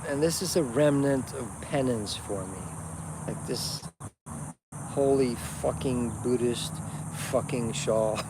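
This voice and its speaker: A man's voice: mid-range voice, takes it slowly, noisy background. A man hosting a casual livestream, ranting bluntly and preachily, swearing often. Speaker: livestream host. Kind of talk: casual unscripted rant.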